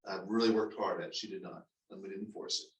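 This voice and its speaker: Echoey pastor telling a story. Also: male voice, sits low, steady tone. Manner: conversational, halting with restarts and laughs. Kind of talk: storytelling sermon. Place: church sanctuary. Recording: echoey church hall, mic at a distance.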